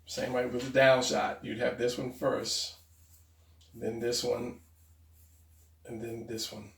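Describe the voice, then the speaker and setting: Gravelly man rambling through a drawing lesson. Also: mid-range voice, flat delivery, slow pace, recorded from a distance. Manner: rambling, self-correcting, talks to himself while drawing. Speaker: drawing tutorial host. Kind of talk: casual drawing instruction. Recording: roomy, off-mic sound.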